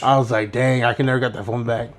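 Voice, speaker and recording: A man's voice: medium pitch, flat delivery, fast talker, slight background noise. A young man co-hosting a podcast, telling rambling, laid-back stories and laughing as he goes. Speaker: podcast co-host. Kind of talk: casual storytelling chat.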